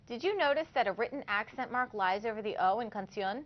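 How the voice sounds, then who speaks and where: A woman co-hosting a short scripted language lesson, reading examples carefully and clearly. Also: on the high side, fast talker, few pauses, muffled recording. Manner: clear, careful teacherly delivery. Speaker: language teacher co-host.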